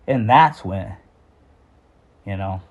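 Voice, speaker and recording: Man, husky voice, lively pitch, candid personal storytelling, restarts and swearing. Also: takes it slowly, narrow, tinny audio.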